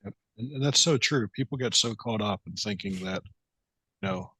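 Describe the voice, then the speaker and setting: A man's voice: mid-range voice, sing-song, moderate pace, vocal fry, bright, forceful tone, husky, no room sound. A man hosting a podcast interview, talking casually and circling through his questions with lots of filler words. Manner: rambling, many fillers like "you know". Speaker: podcast host.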